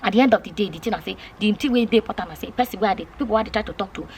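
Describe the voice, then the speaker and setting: A woman's voice: medium pitch, racing, a little mellow, slight background noise. A Nigerian woman vlogging to camera, chatting casually, repeating her points and asking viewers questions. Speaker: YouTube vlogger.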